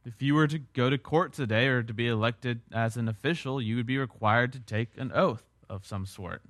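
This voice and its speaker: A man's voice: medium pitch, moderate pace, dry recording, studio quality. A man preaching a sermon as a pastor, earnest and emphatic, with repeated phrases and rhetorical questions.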